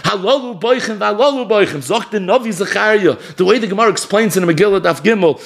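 Talmud teacher, man, higher voice, reads out a line then explains it fast and emphatic. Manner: quotes text then explains it quickly, emphatic. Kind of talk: Talmud class lecture.

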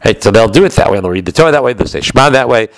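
A man with an American accent giving a lesson on Jewish law, explaining in a quick, conversational way with frequent restarts. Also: mid-range voice, lively intonation, no echo, poor audio. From United States. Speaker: Torah teacher.

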